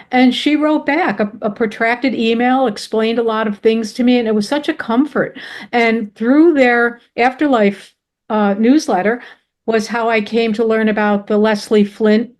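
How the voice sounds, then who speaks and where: A woman's voice: on the high side, fairly even intonation, moderate pace, a little mellow. A woman telling a personal story with earnest emotion, often restarting her sentences. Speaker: presenter.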